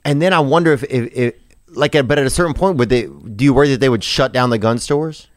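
A man's voice: mid-range voice, quick pace, no echo, clean studio sound. A man hosting a podcast, asking rambling, playful questions in a casual interview. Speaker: podcast host.

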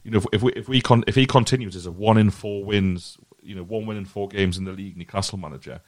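This football podcast host speaks quickly in a lowish voice with fairly even intonation, and there's no echo. In casual chat, he lays out his earnest views in a rambling fashion, often saying words twice.

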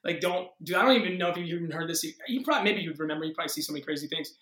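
High-voiced man telling a wild story. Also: very fast, echoey room. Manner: excitable, acts out quotes, swears freely. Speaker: actor guest. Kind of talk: animated storytelling in a casual interview.

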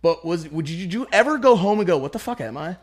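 A man's voice: high voice, fast talker. A man hosting a podcast, telling stories in loose, profane casual chat with friends. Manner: loose, profane, animated storytelling. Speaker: podcast host.

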